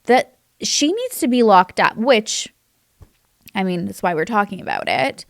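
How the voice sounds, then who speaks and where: A woman's voice: mid-range voice, big pitch swings, unhurried, vocal fry, no room sound, studio quality. A young woman giving casual true crime commentary, chatty and emphatic, with many fillers. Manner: chatty, says "like" a lot; emphatic and indignant.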